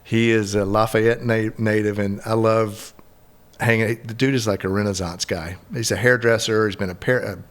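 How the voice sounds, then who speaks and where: A man's voice: fairly low pitch, normal speed. A middle-aged man hosting a casual interview, talking in a loose, rambling way. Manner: rambling, relaxed, many restarts. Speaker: host.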